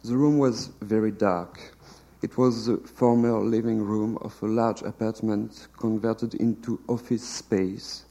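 Male reader for literary fiction: slow, deliberate delivery, low register. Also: steady tone, warm tone, rough recording. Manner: measured, deliberate reading. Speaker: translator reading aloud. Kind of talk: literary reading of a novel translation. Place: live literary panel event.

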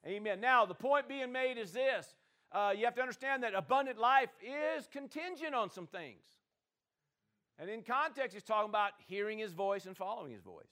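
Man, high voice, sermon, call-and-response, loud then soft. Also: expressive, normal speed. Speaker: pastor.

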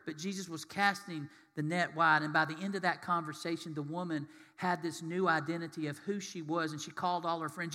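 Bright-voiced preacher in a reverberant hall. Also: male voice, on the high side, fairly even intonation, a little fast. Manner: asks the congregation questions and acts out short quoted voices. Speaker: pastor. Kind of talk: sermon.

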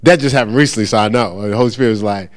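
A middle-aged man teaching a church congregation in a relaxed, conversational way, acting out the voices of churchgoers and checking in with his listeners. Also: lowish voice, racing. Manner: animated, acts out voices of churchgoers and callers; conversational with frequent check-ins. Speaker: pastor teaching. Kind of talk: informal church teaching talk.

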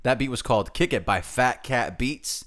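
A man's voice: mid-range voice, moderate pace, a bit bright. A man co-hosting a podcast, trading jokes in casual banter. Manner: joking banter, swears casually. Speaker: podcast co-host. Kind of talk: casual chat.

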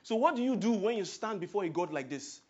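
A man with a Nigerian accent preaching a sermon, swinging from hushed, quiet passages to loud, emphatic outbursts. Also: sits high, expressive, fast talker, muffled recording.

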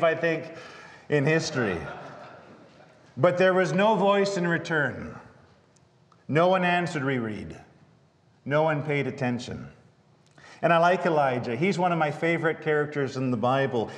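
A man preaching a sermon, reading scripture aloud and then preaching with dramatic pauses and wry asides. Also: fairly high pitch. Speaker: pastor. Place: church sanctuary. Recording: long church reverb.

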